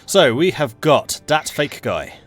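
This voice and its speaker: A man's voice: fairly high pitch, sing-song, slow pace, faint music behind. A man hosting and commentating a multiplayer strategy game stream in a chatty, enthusiastic way. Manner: chatty, enthusiastic, laughs easily. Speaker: game match commentator and host.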